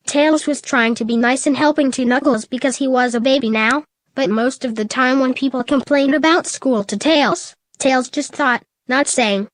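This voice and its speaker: A woman narrating a comedic fan story in a flat, deadpan reading. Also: sits high, normal speed, no echo.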